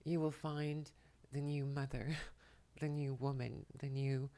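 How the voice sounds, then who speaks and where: A tearful woman at home, speaking to the camera in a soft, halting way while relaying messages, often dropping to a whisper. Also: very deep voice, steady tone. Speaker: spiritual channeler and makeup vlogger. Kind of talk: emotional channeling talk to camera. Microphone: camera mic, speaking to the camera.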